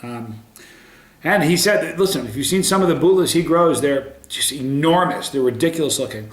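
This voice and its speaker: A man's voice: on the high side, lively intonation, normal speed. A man doing a casual pepper tasting review to camera, upbeat, with many ums and restarts. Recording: roomy echo.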